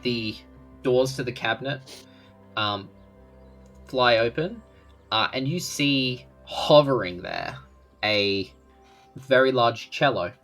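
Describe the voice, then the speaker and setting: An Australian man narrating as game master in a relaxed way, with many ums and uhs. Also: mid-range voice, slow pace, pauses often, faint music behind.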